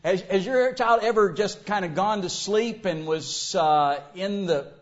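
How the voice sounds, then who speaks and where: Man, preacher, high lively voice, sermon, lo-fi dull recording. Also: unhurried. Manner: animated, acts out quoted voices.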